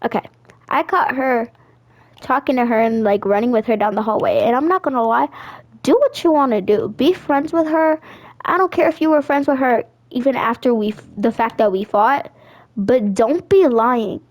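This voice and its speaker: A teenage girl telling a sassy, animated story while chatting over her gameplay. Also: on the high side, moderate pace. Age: teens. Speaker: gaming vlogger.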